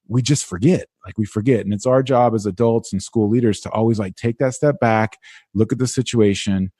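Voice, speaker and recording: A man speaking as an interview guest, animated and conversational, peppering his talk with "like". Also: lowish voice, dry recording, studio quality.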